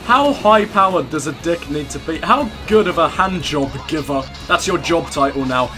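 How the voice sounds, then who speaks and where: Young dude joking around while gaming, kinda high voice, faint music behind. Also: male voice, expressive, normal speed. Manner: joking, crude banter with laughs. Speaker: let's play host. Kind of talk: casual gameplay commentary.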